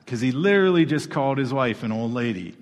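A man's voice: medium pitch, expressive, quick pace. Emphatic preaching man in a reverberant hall. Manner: emphatic and conversational, swinging from loud to hushed. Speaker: pastor. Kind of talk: sermon.

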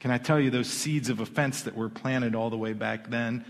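A man preaching a sermon, telling a Bible story with casual, conversational asides and quick restarts. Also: mid-range voice, fairly even intonation. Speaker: pastor. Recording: long hall reverb.

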